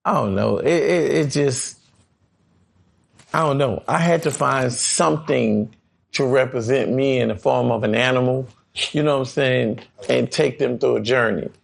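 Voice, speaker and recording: Casting note: male guest from New Orleans, gravelly and relaxed, mid-pitched. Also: normal speed. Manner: laid-back, repeats "you know what I'm saying". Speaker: author and rapper guest. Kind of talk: casual interview chat.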